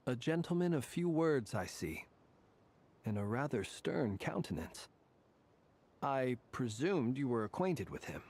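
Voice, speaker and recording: A man voicing a courteous game character, speaking in a formal, measured way. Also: mid-range voice, very animated, darkish tone. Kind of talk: game voice acting.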